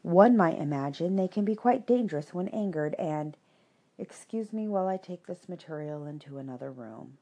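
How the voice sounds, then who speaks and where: A woman's voice: lowish voice, lively intonation, normal speed, warm tone, dull audio. A woman reading a story, voicing a pedantic male owl who lectures the others. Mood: lecturing. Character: pompous know-it-all male owl.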